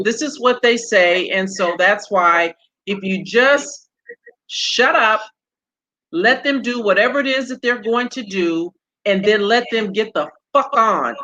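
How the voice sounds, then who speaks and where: Blunt, swearing woman, bright lo-fi voice. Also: fairly high pitch. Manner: blunt and emphatic, swears freely. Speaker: retired police sergeant, show host. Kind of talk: candid conversational commentary.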